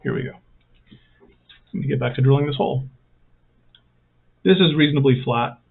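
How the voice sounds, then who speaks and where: Man, gravelly, casual hobby tutorial, rambling self-mocking asides, tinny phone-like audio. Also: medium pitch, moderate pace. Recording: thin phone-like sound.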